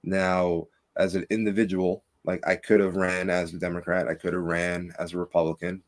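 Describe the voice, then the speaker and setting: A man, a candidate for local office, talking casually and emphatically in a podcast interview. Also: normal speed. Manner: animated, emphatic, rising pitch when making points. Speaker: political candidate, guest.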